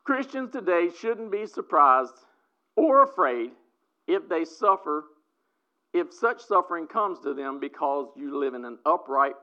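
A preacher delivering a sermon, swinging between loud exclamations and quiet asides. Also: medium pitch. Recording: dull lo-fi recording.

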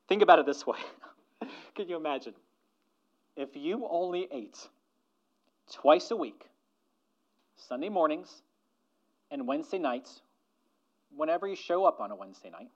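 A male pastor delivers a sermon in an earnest, questioning way, pressing his listeners with rhetorical asks. His voice sits a little high for a man. The recording sounds dull and lo-fi.

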